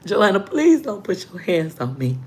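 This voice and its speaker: A woman in casual vlog storytelling, animated and joking. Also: mid-range voice, normal speed. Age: adult. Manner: animated storyteller, acting out quotes. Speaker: vlogger.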